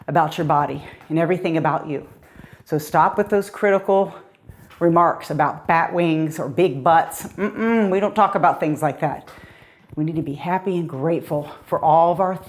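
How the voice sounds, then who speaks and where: A middle-aged woman fitness coach leading a guided workout, upbeat and encouraging, a little out of breath as she exercises along. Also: on the low side.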